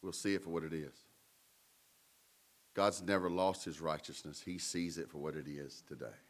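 A man's voice: rumbling low, fairly even intonation, normal speed. A man preaching a sermon in a conversational way, with playful asides and emphatic peaks. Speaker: pastor.

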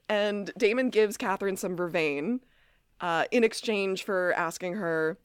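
A woman's voice: a little slow, smooth, no room sound. Woman, podcast co-host, casual recap chat, frequent laughter, dry close sound. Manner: chatty, laughs often, quotes characters in a lower voice.

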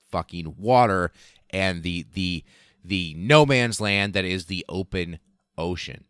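A man hosting a podcast, telling history casually, swearing for emphasis and speeding up and slowing down. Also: low voice, fairly bright tone, clean tone, no echo, studio quality. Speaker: podcast host.

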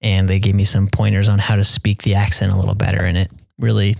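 Soft-spoken young man with a gravelly voice. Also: sits low, monotone, fast talker, no echo. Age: young adult. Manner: soft-spoken, hesitant with many ums, quotes people in a raised voice. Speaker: returned missionary guest. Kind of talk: casual interview.

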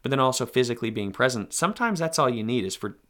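A man's voice: mid-range voice, sing-song, fast, bright, forceful tone. A man hosting a podcast, giving earnest, direct advice to fathers in a conversational monologue. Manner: earnest, direct, speaks to fathers in second person. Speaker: podcast host.

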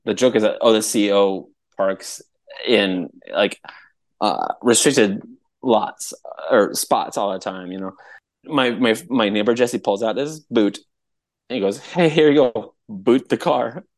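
A man co-hosting a podcast, telling a story in a casual, animated way, laughing often and pitching his voice up high when he quotes people. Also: measured pace. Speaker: podcast co-host.

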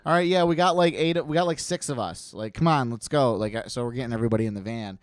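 A man's voice: mid-range voice, quick pace, dry recording, studio quality. A man casually telling a story on a podcast, acting out the voices of the people in it. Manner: animated storyteller who acts out quotes.

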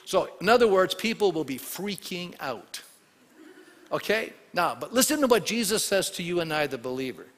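Animated high-voiced male pastor preaching. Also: a little fast. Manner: animated, conversational, asks the congregation questions. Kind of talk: sermon. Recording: long hall reverb.

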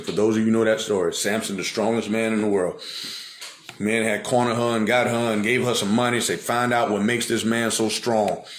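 A male preacher retelling Bible stories in lively everyday speech and slang during a sermon. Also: lowish voice, echoey room, slight background noise. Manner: animated, retells scripture in everyday vernacular. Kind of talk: sermon storytelling.

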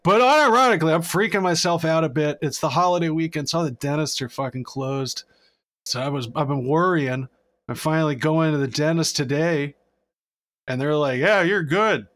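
A man's voice: on the high side, brisk, fairly bright tone. A man co-hosting a casual podcast, telling stories with profanity, quips and self-mocking humor. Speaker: podcast co-host. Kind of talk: casual chat.

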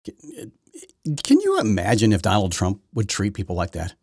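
A man's voice: deep voice, sing-song, brisk, a little mellow, husky, dry recording, studio quality. A male podcast host giving rambling, sarcastic political commentary and often repeating his words.

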